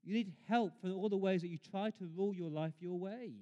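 A pastor preaching a sermon, his fairly high voice swinging between loud emphatic exclamations and quiet asides. The sound carries a long reverb from a large church hall. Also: brisk, lo-fi sound.

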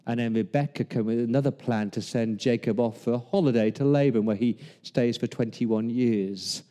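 A man's voice: mid-range voice, moderate pace, dark tone. A man preaching a sermon as pastor, retelling Bible scenes with humor and acting out the lines of the people in them. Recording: long hall reverb.

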